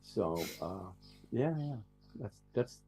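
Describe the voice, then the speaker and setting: A man's voice: fairly low pitch, animated, slow, warm tone, a little hiss or hum. A man, a truck driver, telling a story as a guest in a casual, profane, rambling way.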